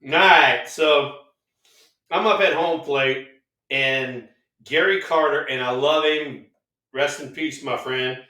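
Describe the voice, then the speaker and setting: Older man, co-host and raconteur, punchy bright voice, off-mic in a roomy space. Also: a little high, slow pace, far from the mic. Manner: animated storyteller who acts out dialogue, swears freely. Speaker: co-host, former baseball player. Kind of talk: casual storytelling chat. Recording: echoey room, off-mic.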